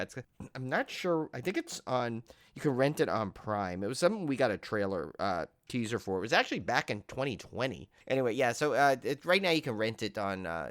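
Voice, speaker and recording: A man co-hosting a horror podcast, rambling through a casual film review with halting restarts. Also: lowish voice, a bit bright, no room sound, studio quality. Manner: rambling, halting, heavy use of "like". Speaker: podcast co-host.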